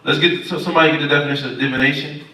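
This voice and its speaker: Relaxed male study leader, questions the class, roomy and off mic. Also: a little high, rapid-fire. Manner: casual, questioning the group, informal speech. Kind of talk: Sabbath Bible study teaching. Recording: echoey room, far from mic.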